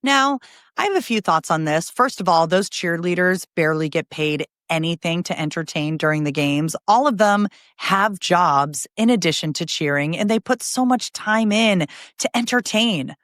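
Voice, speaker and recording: Female news host, lowish voice, brisk roundup with chatty asides, dry close mic. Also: animated, a bit bright, no echo.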